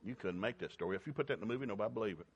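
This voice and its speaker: A man's voice: lowish voice, animated, rapid-fire, lo-fi sound. A man preaching a sermon, retelling Bible stories in a folksy, humorous way and acting out the characters. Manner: folksy storytelling with acted-out voices.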